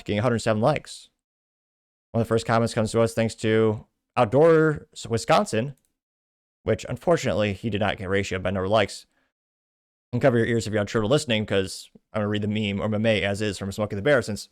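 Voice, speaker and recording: A man's voice: lowish voice, a little fast, no room sound. A man from Texas hosting a political commentary show, reading social media posts aloud and adding sardonic, dry asides.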